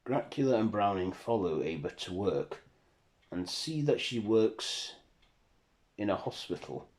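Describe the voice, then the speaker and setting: A man's voice: lowish voice, very animated, unhurried, a little mellow. A man narrating a horror fan story in a plain, unpolished reading.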